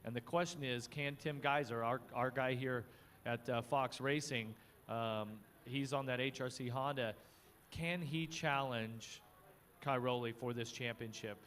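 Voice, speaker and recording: A man's voice: medium pitch, fairly even intonation, unhurried, fairly bright tone, slight background noise. Easygoing man co-hosting outdoors. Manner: easygoing, teasing, many fillers. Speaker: co-host. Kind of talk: live paddock broadcast chat. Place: outdoor motocross paddock.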